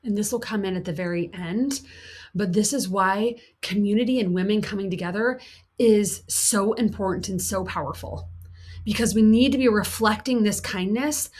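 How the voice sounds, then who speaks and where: Woman coach teaching self-compassion, earnest, repeats stuff for emphasis, middle pitch. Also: moderate pace. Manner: acts out the inner critic's voice; soft, soothing tone for self-kindness. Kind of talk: motivational teaching talk.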